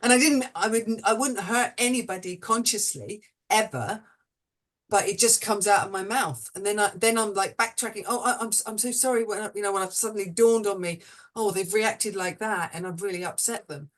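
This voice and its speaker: A woman hosting an online panel discussion, talking in halting phrases with many restarts and laughing at herself. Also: mid-range voice. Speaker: host.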